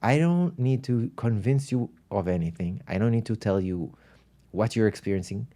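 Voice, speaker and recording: A man, a spiritual teacher, speaking in an animated, thoughtful way while telling stories in a podcast conversation. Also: fairly low pitch, moderate pace. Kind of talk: reflective storytelling in conversation.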